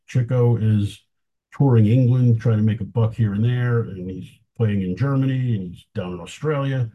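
A man's voice: lowish voice, slightly rough, dull audio. A man talking casually as an interview guest, telling anecdotes with enthusiasm and chuckling now and then. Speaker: film historian guest.

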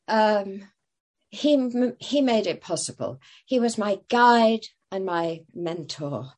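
A woman's voice: a little high, a little mellow. An older woman telling stories as an interview guest, hesitant, with many fillers and restarts. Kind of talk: casual interview storytelling.

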